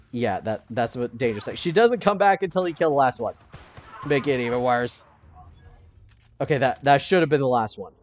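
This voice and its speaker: A man's voice: medium pitch, a little hiss or hum. Chatty man narrating his gameplay. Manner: chatty, thinking aloud, bursts into panicked yelling. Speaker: let's play host. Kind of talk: casual gameplay commentary.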